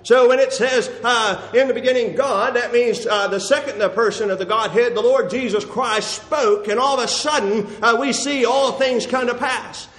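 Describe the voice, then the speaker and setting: A man's voice: very high-pitched, normal speed, few pauses, a bit bright. A man preaching a sermon, asking questions and answering them himself, with frequent "uh" fillers and bursts of raised voice. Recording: roomy hall echo.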